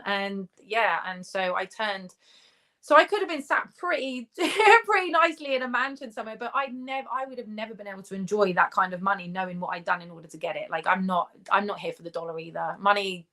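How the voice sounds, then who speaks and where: A woman with an English accent talks candidly as an interview guest. Her voice sits at a middle pitch, and her chatty manner is broken up by frequent laughter. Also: brisk, bright, forceful tone. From England. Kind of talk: casual interview chat. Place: remote call in the United States.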